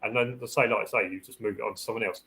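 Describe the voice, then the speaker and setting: A man's voice: fairly low pitch, fairly even intonation, very fast, pushed and bright, poor audio. A man, a security dog handler hosting a live Q&A, giving practical advice in a casual, rambling way. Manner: practical and chatty, repeats and restarts phrases; acts out the dog's thoughts in a raised voice.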